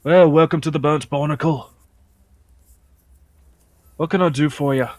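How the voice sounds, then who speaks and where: A man's voice: a little high, measured pace, no room sound, close to an everyday voice. A man voicing a burly orc tavern keeper. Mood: homely. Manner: folksy, drawling small talk with a slipping accent. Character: burly male orc tavern keeper, gruff but hospitable.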